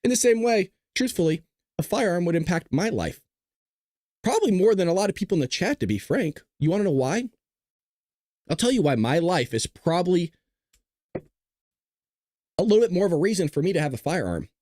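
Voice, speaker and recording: A blunt, combative man riffs to his live chat. His pitch swings widely as he talks. The sound is dry and close, and he keeps clearing his throat. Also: very animated, moderate pace, pauses often, a little mellow, dry recording. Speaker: show host. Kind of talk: livestream commentary to a chat.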